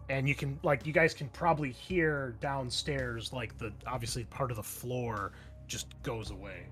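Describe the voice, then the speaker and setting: A man's voice: mid-range voice, steady tone, moderate pace, a bit bright, faint music behind. Laid-back man running a tabletop game. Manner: casual, many fillers and restarts. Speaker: game master.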